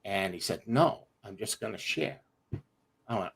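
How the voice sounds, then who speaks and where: A middle-aged man telling a personal story on a livestream, animated and profane, laughing as he goes. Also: on the low side, measured pace, creaky, husky. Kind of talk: casual storytelling.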